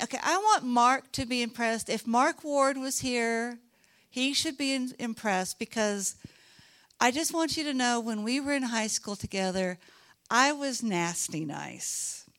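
A middle-aged woman from Texas, preaching a Bible lesson in a high voice and an unhurried pace. She is animated and chatty, and she teases her listeners. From Dallas, Texas. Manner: animated, chatty, teasing the audience. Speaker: Bible teacher. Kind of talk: sermon.

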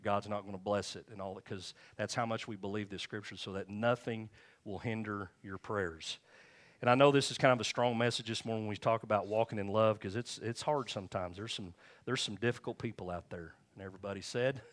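Low-voiced pastor preaching conversationally. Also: male voice, steady tone, fairly quick. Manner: conversational storytelling with chuckles. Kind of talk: sermon. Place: church.

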